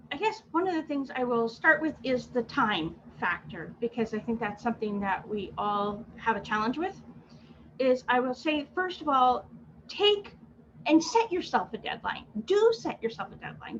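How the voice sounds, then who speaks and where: A woman on a video call panel giving writers brisk, practical tips. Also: high voice, a bit bright, dull audio, a little hiss or hum. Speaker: writing coach panelist. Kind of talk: informal teaching talk.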